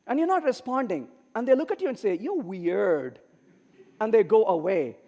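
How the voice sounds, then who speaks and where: A man's voice: very high voice, fast, dull audio. A middle-aged man giving a humorous conference keynote, telling stories and acting out the lines of the people in them. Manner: animated, acts out quoted dialogue. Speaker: keynote speaker. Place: large conference hall. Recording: reverberant hall.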